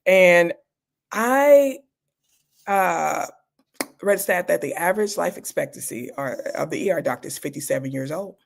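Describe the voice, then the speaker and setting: A woman in her fifties, an emergency doctor who also gives talks, tells candid stories as an interview guest, conversational and dryly humorous. Her lowish voice is animated, moderately paced and touched with vocal fry.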